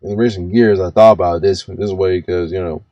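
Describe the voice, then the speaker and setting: A man's voice: deep voice, steady tone, fairly quick, dark tone, dry recording, lo-fi sound. A man in his twenties ranting in reaction commentary, stammering, restarting his words and swearing freely. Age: 20s. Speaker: commentary host reacting to a video.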